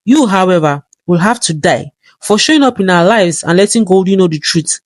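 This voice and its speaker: A villainous woman issues cold threats, as a storyteller reads her lines. Her delivery is even and chilling, and the sound is dry. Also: medium pitch, brisk, no echo, lightly acted. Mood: menacing. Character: menacing villainous woman accomplice.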